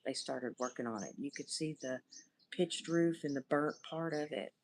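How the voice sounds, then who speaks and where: A woman's voice: low voice, normal speed, a little mellow, slight background noise. A middle-aged woman with a Southern accent, hosting a casual livestream outdoors and rambling through viewer comments. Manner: rambling, riffs without a topic, reads viewer comments. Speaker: livestream host and therapist. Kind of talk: casual livestream chat, reading comments aloud.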